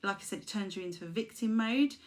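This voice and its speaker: A woman life coach talking casually, chatty and animated, acting out examples in little voices. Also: mid-range voice, quick pace.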